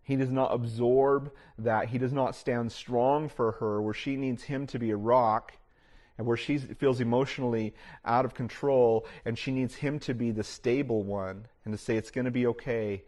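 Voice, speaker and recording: A middle-aged pastor preaches to his congregation in a casual, conversational way, full of "you know" fillers and restarts. His medium-pitched voice is steady and darkish, moving at a moderate pace.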